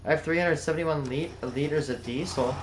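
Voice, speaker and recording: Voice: mid-range voice, a little fast, reverberant, slight background noise. A streamer giving casual live commentary while playing a farming game, thinking aloud with lots of "like" fillers.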